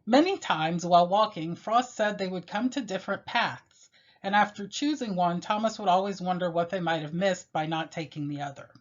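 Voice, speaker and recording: A woman teacher giving a measured, explanatory lecture on a poem, pausing often with fillers along the way. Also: fairly low pitch. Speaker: literature teacher. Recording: dull lo-fi recording.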